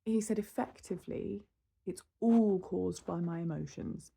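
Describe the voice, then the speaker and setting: Exasperated woman, 30s, from the UK, gravelly, mellow timbre; vlog rant. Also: fairly low pitch, unhurried. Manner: exasperated, animated storytelling with laughs and sighs. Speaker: vlogger. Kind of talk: casual venting monologue.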